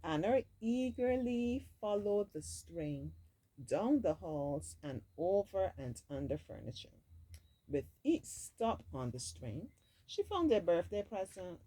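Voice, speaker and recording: Lady reading a kids storybook out loud, low dark voice, swoopy expressive delivery. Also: slow pace, rough recording. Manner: expressive, adds casual asides. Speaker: storybook reader. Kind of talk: storybook read-aloud.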